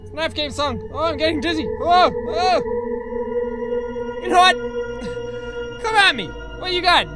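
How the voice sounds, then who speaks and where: A young Irish man giving loud, panicky let's-play commentary, yelping, laughing and swearing at a scary game. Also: very high voice, sing-song, measured pace, long pauses, loud music behind the voice. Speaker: gaming video host.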